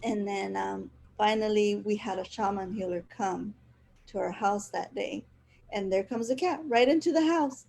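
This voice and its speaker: A woman's voice: medium pitch, moderate pace, vocal fry, warm tone. A woman hosting a casual spiritual chat, telling a rambling personal story and laughing often. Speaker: host.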